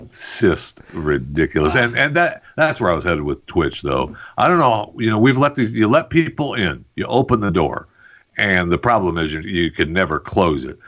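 Rambling animated man on a lo-fi podcast. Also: low voice, normal speed. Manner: rambling, animated, breaks into mock voices. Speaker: podcast co-host. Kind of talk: casual chat. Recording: dull lo-fi sound.

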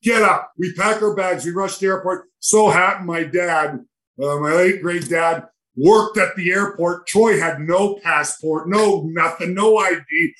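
An older man spins rambling hockey road stories as a podcast guest, acting out the dialogue with lively energy. His voice sits a little high for a man. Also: unhurried, poor audio. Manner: animated, rambling anecdotes with quoted dialogue. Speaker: retired hockey player, guest. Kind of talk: storytelling in a podcast interview.

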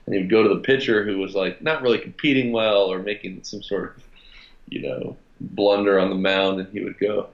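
A man telling a story as a podcast guest, reflective and halting, with frequent restarts. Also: fairly low pitch, steady tone, gravelly. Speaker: podcast guest, gym founder. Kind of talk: casual storytelling interview. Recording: roomy, dull sound.

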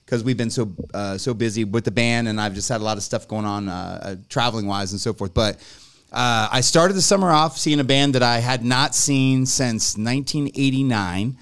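A man guesting on a casual chat show, easygoing and quick to chime in with short agreements. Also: medium pitch, a bit bright, clear, resonant tone. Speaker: guest musician.

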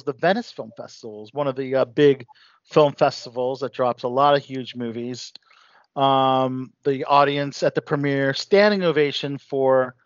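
A man's voice: mid-range voice, dry recording. A man hosting a casual movie news chat, talking loosely with lots of fillers and asides. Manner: chatty, many fillers and "you know". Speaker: host. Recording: dull lo-fi sound.

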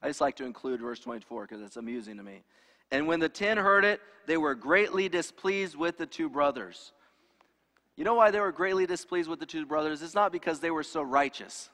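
A man's voice: a little high, expressive, a little fast, sharp tone. A man preaching a sermon in a conversational way, asking his congregation rhetorical questions. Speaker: pastor. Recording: long hall reverb.

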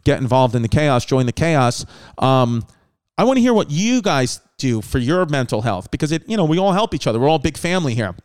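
Smooth voiced guy hosting a comedy podcast, rambly, swears a lot, says like constantly. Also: medium pitch, very animated, brisk, a little mellow. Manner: rambling, profane, filler-heavy. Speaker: podcast host. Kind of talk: casual comedic podcast chat.

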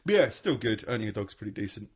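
A man's voice: on the low side, quick pace, breathy edge. A man hosting a casual podcast chat, rambling, laughing and swearing freely. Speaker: podcast host.

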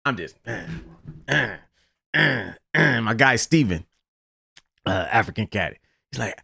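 A man hosting a podcast, telling a story in a casual, animated, profane way. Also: mid-range voice, unhurried, gravelly, long pauses, slightly rough, no room sound, studio quality. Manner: animated, profane, laughs through his story. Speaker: podcast host.

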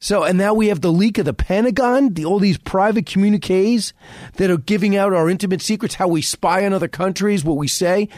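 Brief: high-pitched male radio pundit, rapid and emphatic, dry close sound. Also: a little mellow, dry recording. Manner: rapid, emphatic, frequent restarts. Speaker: radio host as guest. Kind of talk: political talk radio conversation.

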